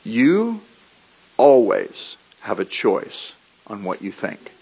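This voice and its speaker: A man preaching a sermon, telling animated stories, laughing briefly and repeating his key lines. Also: lowish voice, slow, breathy edge, poor audio.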